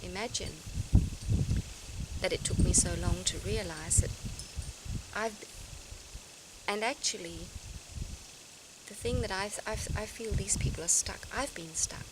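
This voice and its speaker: A woman talks through her feelings in an earnest, searching way, often pausing and restarting as she reflects aloud. Her voice sits at an ordinary middle pitch. Clear outdoor noise is heard behind her, as if she is recording outside. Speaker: vlogger. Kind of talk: reflective personal talk to camera.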